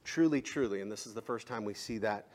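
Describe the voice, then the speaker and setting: A male pastor with a lowish voice and little pitch movement preaches, moving from quiet, measured sections up to impassioned peaks.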